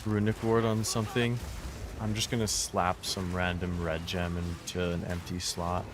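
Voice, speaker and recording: A low-pitched man chats casually while he plays, musing aloud about his choices. His voice sounds dry and worn, and steady noise hums behind him. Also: moderate pace. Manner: laid-back, musing aloud. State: parched, losing his voice. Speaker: streamer. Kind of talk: casual gameplay commentary.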